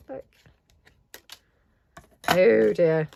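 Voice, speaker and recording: A woman's voice: on the low side, lively intonation, moderate pace, noisy background. A middle-aged British woman chatting casually while she crafts, rambling and self-deprecating. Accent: British English. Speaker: craft vlogger.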